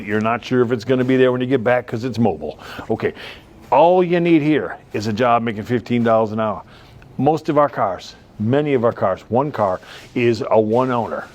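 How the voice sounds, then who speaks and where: Rambling, jokey middle-aged salesman. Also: medium pitch. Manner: rambling, jokey, drifts off topic with asides. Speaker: car dealership owner. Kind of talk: off-the-cuff comedic sales pitch.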